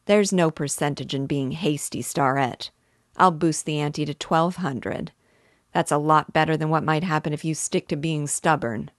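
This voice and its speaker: A woman reading the part of a smooth, persuasive, scheming cattle rancher from a novel read aloud. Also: low-pitched, moderate pace, dry recording, studio quality, close to an everyday voice.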